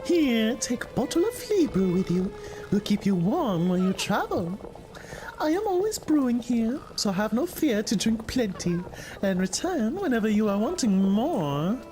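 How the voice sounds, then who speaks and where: A man putting on a chirpy, high flea brewer. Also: big pitch swings, moderate pace, over music, poor audio. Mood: hospitable. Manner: sing-song, broken grammar. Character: cheerful flea brewer, hospitable, broken speech.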